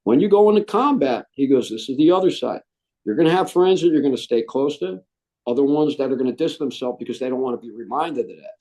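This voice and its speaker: This middle-aged ex-Marine talks fast in a mid-range voice while telling his story in an interview. He brings it to life by acting out the voices he quotes.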